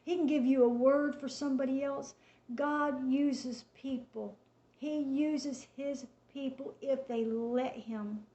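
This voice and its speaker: A woman casually retelling a personal faith testimony, chatty and animated, acting out the dialogue as she goes. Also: high-pitched, slow. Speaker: storyteller sharing a faith testimony. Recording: echoey room, dull lo-fi sound.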